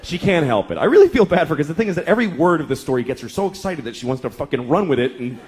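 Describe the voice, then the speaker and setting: A man's voice: fairly high pitch, very fast, breathy edge. A man doing a stand-up comedy routine, telling profane, exaggerated stories about married life into a stage mic. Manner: profane, exaggerated, animated storytelling. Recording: live show with audience and room noise.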